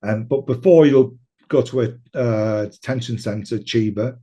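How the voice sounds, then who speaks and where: A man's voice: mid-range voice, a little slow, dark tone. A British man telling a story in a casual interview, swearing often and laughing as he talks. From United Kingdom. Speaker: interview guest.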